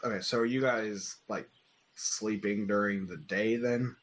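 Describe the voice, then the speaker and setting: A man's voice: lowish voice, steady tone, a little slow. A man narrating as game master in a casual, loosely improvised way, full of fillers, with faint noise behind.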